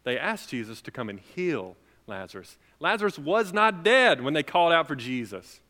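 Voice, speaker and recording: A young adult man preaching a sermon as pastor, swinging between loud, emphatic lines and soft, quiet ones. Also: on the high side, sing-song, normal speed. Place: church sanctuary. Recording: long reverb of a large hall.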